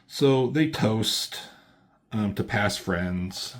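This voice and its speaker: A low-voiced man recaps a comic issue in a loose, rambling way, full of "like" and "um." He sounds relaxed and unscripted, like a reviewer talking it through. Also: a little slow. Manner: rambling, filler-heavy, laid-back.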